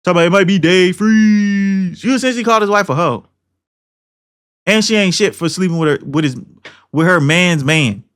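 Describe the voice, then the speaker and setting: A man's voice: sits high, moderate pace, fairly bright tone, clear, resonant tone. A young man co-hosting a podcast, ranting in a heated, profane, slangy and rambling way. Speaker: podcast co-host. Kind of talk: casual podcast rant.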